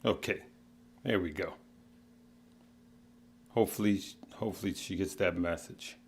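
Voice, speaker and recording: A middle-aged man hosting a casual livestream, greeting viewers by name in a relaxed, heartfelt way. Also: low voice, moderate pace, gravelly, husky. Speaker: livestream host.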